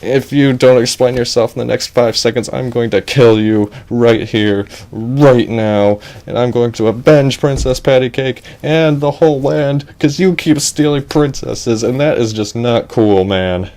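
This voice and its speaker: Man as a blustering young hero, everyday voice, slow delivery. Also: mid-range voice, fairly even intonation, a little mellow, natural voice. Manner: blustering, casual. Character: brash young male warrior hero.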